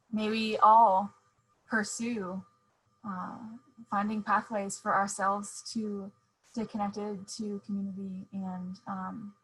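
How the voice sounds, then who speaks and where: A woman hosting a virtual book event over a video call, speaking softly with many fillers. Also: mid-range voice, breathy edge, rough recording. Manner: slow, soft, many fillers. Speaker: host.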